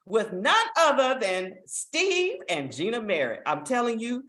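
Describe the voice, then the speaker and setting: A woman hosts a live online business opportunity meeting and talks it up with real enthusiasm. Her voice sits a little high and swings widely in pitch as she urges listeners to act. She is heard through a video call. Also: very animated, measured pace, few pauses, fairly bright tone, roomy sound. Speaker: network marketing meeting host. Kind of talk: sales pitch presentation.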